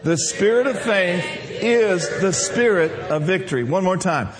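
High-voiced man preaching a sermon. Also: expressive, moderate pace, few pauses, a crowd in the background. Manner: call-and-response preaching, repeats phrases.

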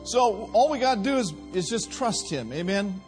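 A man preaching a sermon in a church, with call-and-response and drawn-out emphasis. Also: sits high, lively intonation, a little mellow, soft background music.

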